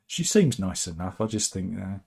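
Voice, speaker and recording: A man's voice: sits low, big pitch swings, normal speed, creaky, dark tone, slightly rough. Sardonic British man rambling through news. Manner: sardonic, rambling, chuckling asides. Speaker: host of a satirical news channel. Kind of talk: casual satirical news commentary.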